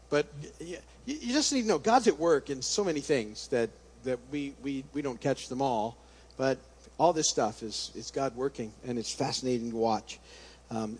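A man's voice: a little high, darkish tone, husky. A man teaching a casual Bible study, talking conversationally and thinking aloud with restarts, sometimes reading scripture passages aloud.

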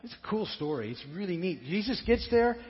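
A man's voice: sits high, sing-song, fairly quick. A male pastor giving a sermon, retelling a story conversationally and often stammering and repeating words. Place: church sanctuary. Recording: dull lo-fi church recording with long reverb.

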